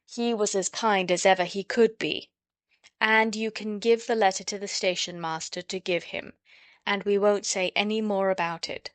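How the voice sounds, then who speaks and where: Mother, a woman reading a firm, gentle mother. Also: mid-range voice, steady tone, clear, resonant tone, no echo, natural voice. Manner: measured and firm.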